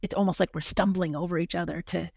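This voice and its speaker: Fast-talking woman with a fairly low voice. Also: steady tone, gravelly, a little mellow, dry recording, clean studio sound. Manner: fast, earnest talk with many restarts and repeated words. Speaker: hospital physician executive, guest. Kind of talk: podcast interview conversation.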